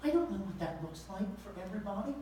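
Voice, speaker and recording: A man's voice: sits high, sing-song, fast talker, warm tone. A male pastor preaching a sermon in a folksy, conversational way, with slang and pointed rhetorical questions. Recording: echoey room, voice from far off.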